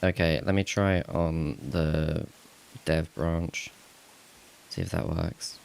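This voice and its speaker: A man with a very deep voice and a gravelly, creaky edge chats away on a live stream. He rambles to himself as he sorts out tech trouble, taking his time and chuckling at his own remarks. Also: fairly even intonation, takes it slowly, long pauses. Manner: rambling, talks to himself while fixing tech; laughs at himself, self-mocking. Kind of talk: casual live-stream chat.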